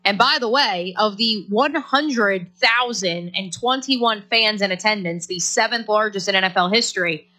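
A woman's voice: medium pitch, normal speed, bright, forceful tone. A woman co-hosting a sports radio show, chatting playfully and trailing off into restarts. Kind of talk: casual sports radio chat.

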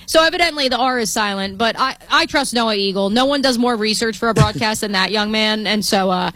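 A woman's voice: a little high, a little fast, a bit bright. A woman co-hosting a sports radio show, chatting playfully and trying out accents. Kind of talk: casual sports radio banter.

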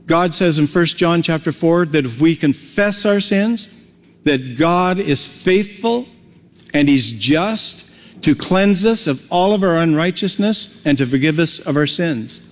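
A man's voice: a little high, expressive, a little slow, in a large hall. A male pastor preaching a sermon in a folksy, conversational way, with homely everyday examples.

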